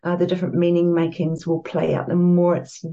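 A woman with a New Zealand accent, a podcast guest who speaks in a gentle, musing, spiritual way. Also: lowish voice, monotone, a little fast, lo-fi sound. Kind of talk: reflective conversational chat.

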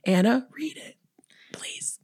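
A woman co-hosting a podcast in casual chat, her voice hoarse from a cold, rambling with fillers and restarts. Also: slow, a little mellow, dry recording, in a whisper, studio quality. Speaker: podcast co-host.

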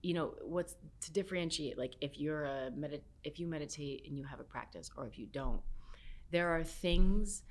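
A woman guest chatting casually, soft-spoken, often trailing into a near whisper and filling with "like". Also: deep voice, moderate pace. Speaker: podcast guest, health chef. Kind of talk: casual chat.

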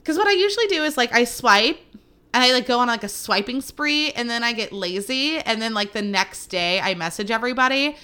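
Bright, chatty woman podcast host. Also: fairly high pitch, clean tone. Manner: chatty, animated storytelling with quick asides. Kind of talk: casual solo podcast chat.

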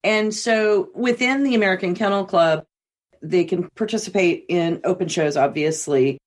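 A woman's voice: lowish voice, moderate pace. A woman hosting an interview, asking open questions and affirming often.

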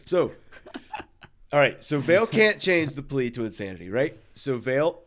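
A man's voice: mid-range voice, lively intonation, fairly quick. A man co-hosting a podcast who has the hiccups, breaking into laughter and restarting often while he recaps a film. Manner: laughing, stumbling restarts, swears. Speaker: podcast co-host. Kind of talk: casual movie chat.

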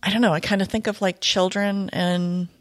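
A woman, a retired police dog handler, talking reflectively in a casual podcast conversation, pausing often. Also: medium pitch, steady tone, dry recording, studio quality. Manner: reflective, soft-spoken, many pauses and fillers.

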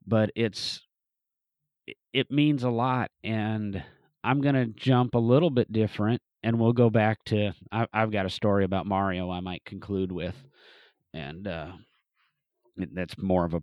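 Man, low voice, rambling casual storyteller, dry close recording. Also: a little mellow, no echo. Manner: rambling, many restarts and fillers. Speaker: museum restoration specialist, podcast guest or host.

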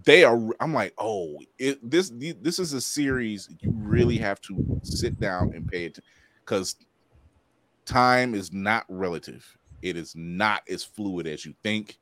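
A man co-hosting a casual podcast review chat, animated and laughing often as he acts out quotes. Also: lowish voice, a little slow, no echo. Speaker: podcast co-host.

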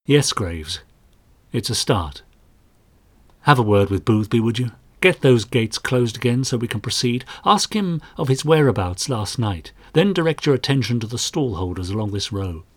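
A man's voice: medium pitch, lively intonation, moderate pace, slightly rough, no echo. A man voicing a stern, troubled male detective inspector who gives clipped orders. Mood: weary.

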